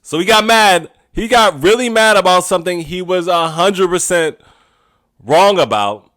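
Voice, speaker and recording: A man hosting a comedy podcast, talking in animated, rambling commentary and laughing often. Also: high voice, moderate pace.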